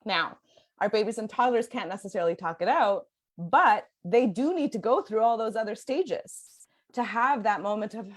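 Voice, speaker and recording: A woman's voice: a little high, normal speed. A young adult woman coach speaking earnestly in a podcast conversation, talking in long flowing sentences and laughing often. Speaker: parenting sleep coach guest.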